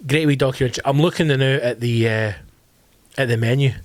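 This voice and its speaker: A Scottish man with a Glasgow accent, in his thirties, hosting a solo comedy podcast from home, animated, swearing freely and calling his listeners team. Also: medium pitch, a little fast, no echo. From Scotland. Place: home during lockdown.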